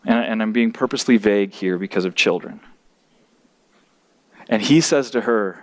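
Guy preaching a sermon, stumbles and repeats words, gets loud and emphatic. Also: normal speed, pauses often. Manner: emphatic, rising in pitch and volume at points; repeats words when restarting.

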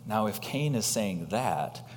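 A man preaching a sermon as pastor, asking rhetorical questions and swinging between loud high emphasis and quiet low asides. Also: lively intonation, takes it slowly, big-room sound, slight background noise.

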